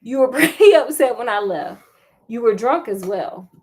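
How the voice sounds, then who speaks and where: A woman voicing a hurt teenage girl who speaks quietly and firmly, in a storytelling reading. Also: medium pitch, animated, moderate pace, lightly acted. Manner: quiet, firm. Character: calm, hurt teenage girl urging her boyfriend on.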